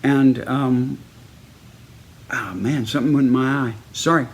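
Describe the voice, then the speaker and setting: A man from Texas telling a story in a casual personal video message, in a lively way, acting out each person he quotes. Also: mid-range voice, unhurried. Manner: lively, acts out each person in the story with raised, punchy delivery.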